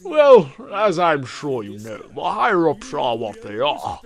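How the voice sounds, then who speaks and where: Man putting on a slimy old cop from a visual novel, slow fake-polite drawl, swoopy. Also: a little high, wildly swooping pitch, gravelly, full character voice. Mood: oily. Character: plump elderly male detective, greasy and sarcastic. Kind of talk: reading visual novel dialogue aloud.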